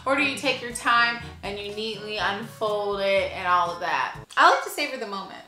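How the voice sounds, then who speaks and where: A woman's voice: medium pitch, normal speed, bright, forceful tone. A woman vlogging in casual chat, with a playful, teasing manner. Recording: roomy room with background music.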